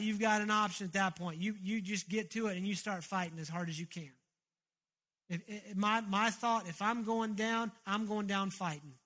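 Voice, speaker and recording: A man's voice: high voice, sharp tone. A man preaching a sermon as pastor, earnest, often repeating and restarting his words, into a handheld microphone.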